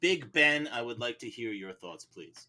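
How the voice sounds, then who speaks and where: Lively bright man leading discussion. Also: mid-range voice, normal speed. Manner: animated, laughing asides. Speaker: podcast juror acting as foreman. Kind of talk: casual podcast chat.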